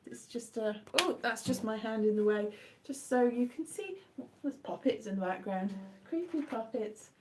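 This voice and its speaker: A woman, hoarse from a cold and sore throat, chatting in a rambling, self-deprecating way on a casual live stream from home. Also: on the high side, normal speed, slight background noise. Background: her own faint guitar strumming.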